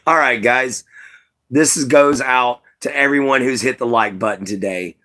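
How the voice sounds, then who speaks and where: A man chatting casually to viewers on a live stream, rambling and relaxed, with lots of "you know" and "man". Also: medium pitch, normal speed. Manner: laid-back, rambling, says "you know" and "man" a lot.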